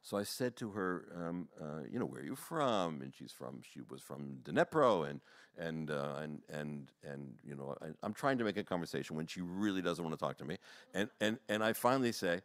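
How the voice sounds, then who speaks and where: A man, a rabbi, telling stories to an audience in a rambling, animated way, full of fillers and short laughs. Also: low voice, normal speed, no room sound, studio quality. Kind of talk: storytelling talk.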